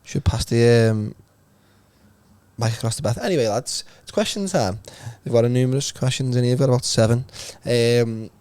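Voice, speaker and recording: A man hosting a podcast in a quick, jokey, casual chat. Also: mid-range voice, a little mellow, clean tone, dry recording. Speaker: podcast host.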